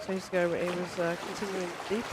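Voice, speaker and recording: A woman's voice: lowish voice, flat delivery, a little fast, heavy background noise. A woman giving live sports commentary, explaining the athletes' records in an informative way.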